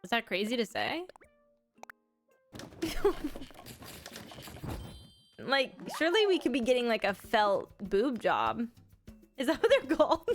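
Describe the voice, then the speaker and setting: A woman's voice: on the high side, sing-song, slow, long pauses, faint music behind. A woman chatting casually on a live game stream, giggling often and making crude jokes. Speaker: livestream gamer.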